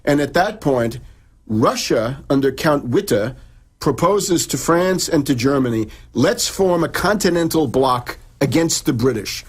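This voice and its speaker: A man's voice: on the high side, expressive, measured pace, slightly rough. A middle-aged man, an in-studio guest, lecturing on history in a radio interview, restarting and repeating words as he goes. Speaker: in-studio guest author and researcher.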